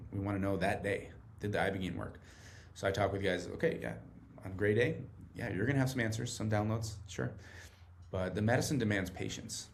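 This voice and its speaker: Low gravelly-voiced guy on a podcast, earnest, keeps tacking on "right?" while he explains. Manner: earnest, tags points with "right?". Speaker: guest, treatment center director. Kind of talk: casual podcast conversation.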